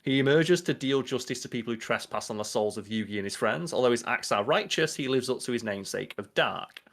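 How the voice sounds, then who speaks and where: Expressive and fairly quick, this medium-pitched, fairly bright voice comes from a young adult male podcast co-host. He riffs in casual chat and swears a lot.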